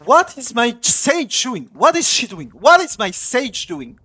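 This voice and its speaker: A man's voice: extremely high pitch, very animated, measured pace. Swearing, ranting male game streamer. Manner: angry ranting, heavy swearing; complains loudly about teammates. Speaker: streamer playing a competitive shooter. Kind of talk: live gameplay commentary.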